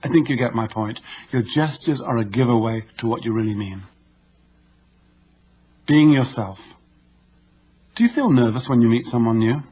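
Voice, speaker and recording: A man narrating a nonfiction audiobook in a measured, instructive way. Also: mid-range voice, breathy edge, narrow, tinny audio.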